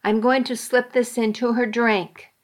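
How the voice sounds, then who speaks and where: A woman reading the lines of a cynical, scheming young woman, sly and unhurried. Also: fairly high pitch, level tone, natural voice.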